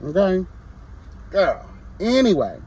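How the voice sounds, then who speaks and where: A man's voice: high voice, sing-song, slow pace, a little mellow, husky. A young man reviewing a reality show in a casual vlog, sassy and blunt, breaking into mocking impressions.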